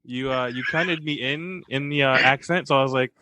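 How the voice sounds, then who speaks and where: A man's voice: mid-range voice, moderate pace, sharp tone, dry recording, poor audio. A man co-hosting a casual podcast, easygoing and laughing at himself. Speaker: podcast co-host.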